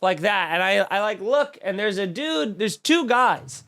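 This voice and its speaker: A man's voice: high voice, a little slow. A man hosting a comedy podcast, telling a wild story with profanity and acted-out quotes. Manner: animated, profane, acts out voices in his story. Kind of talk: comic storytelling rant.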